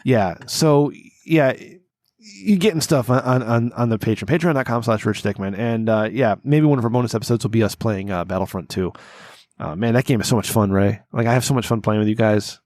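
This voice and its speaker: A man's voice: mid-range voice, brisk, no echo, studio quality. Profane rambling podcast host man. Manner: profane, rambling, loud and combative. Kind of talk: rowdy drinking podcast chat.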